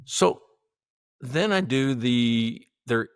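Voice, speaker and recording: A man co-hosting a podcast, telling a story in a casual, animated way, acting out what people said and laughing often. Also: medium pitch, extremely slow, clean tone, no room sound, clean studio sound. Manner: animated, acts out quotes, laughs often, swears. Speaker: podcast co-host.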